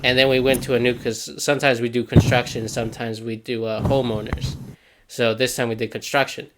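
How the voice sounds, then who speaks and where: A man's voice: mid-range voice, flat delivery, fairly quick, heavy background noise. Laid-back young man telling stories. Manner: laid-back, laughs often, slangy. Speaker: podcast co-host. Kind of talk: casual storytelling chat.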